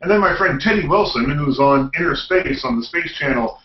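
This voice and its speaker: A man telling a story in a relaxed, wry way. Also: a little high, brisk, echoey room, lo-fi sound. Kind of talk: casual chat.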